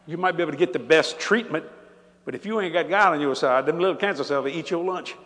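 High-voiced older New preacher. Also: male voice, quick pace, long pauses. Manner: animated storytelling preaching, laughing as he tells it. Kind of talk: sermon. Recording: church hall reverb.

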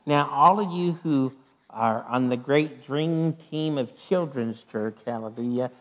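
A man's voice: mid-range voice, a little slow, dull audio. A man pastor giving church announcements and an offering sermon, punctuating his talk with "amen" and "hallelujah.". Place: church sanctuary.

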